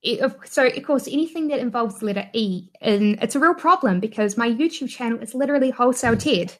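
Woman, New Zealand accent, slightly high voice, chatty, casual interview guest. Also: expressive, quick pace, fairly bright tone. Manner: chatty, laughing often, many fillers and restarts. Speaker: guest, online business YouTuber.

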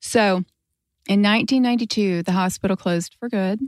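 A woman's voice: mid-range voice, moderate pace, dry recording. A woman co-hosting a podcast, telling a spooky story in a dramatic, teasing way. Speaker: podcast co-host. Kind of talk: casual storytelling chat.

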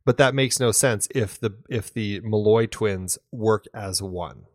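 A man's voice: on the low side, a little slow, no echo, clean studio sound. A man co-hosting a podcast, chatting casually and enthusiastically about a film and often restarting his sentences. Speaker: podcast co-host.

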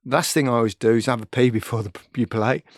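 A man's voice: medium pitch, fast, no echo, clean studio sound. A middle-aged man hosting a podcast, telling a story in casual chat and laughing often. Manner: lively anecdote-teller, laughs often. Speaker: podcast host.

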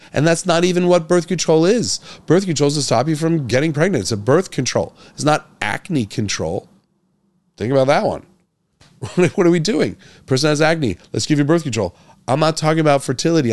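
A man hosting a medical podcast alone, talking with passion, stumbling over repeated words and firing rhetorical questions. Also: no echo. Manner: grows louder and higher when exasperated. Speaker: podcast host, doctor. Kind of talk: solo podcast monologue.

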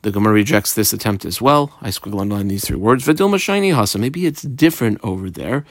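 A man's voice: fairly low pitch, expressive, quick pace, no room sound, studio quality. A man giving a Talmud lesson who reads the Aramaic text aloud and translates it phrase by phrase, adding explanations with frequent fillers. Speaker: Talmud teacher.

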